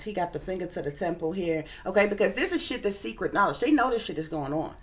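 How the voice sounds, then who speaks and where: A woman's voice: on the low side, expressive, brisk, hardly any pauses. Indignant woman repeating herself for emphasis. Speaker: reaction video host. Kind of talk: reaction commentary.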